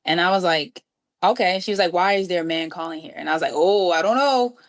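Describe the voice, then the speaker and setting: A woman from New York City, a guest musician, telling a story with lively acted-out dialogue. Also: fairly low pitch, quick pace. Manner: acts out quoted dialogue with lively voices. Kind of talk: animated storytelling.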